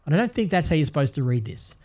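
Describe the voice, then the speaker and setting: An older man hosting a devotional podcast, talking in an earnest, reflective way with gentle restarts. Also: a little high, big pitch swings, very fast. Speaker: podcast host and Bible teacher.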